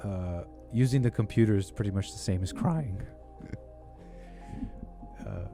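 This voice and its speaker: This call-in podcast host speaks a little slowly in a low, gravelly, dark voice over faint background music. He rambles through a story in relaxed talk-show fashion, laughing and often breaking off mid-sentence.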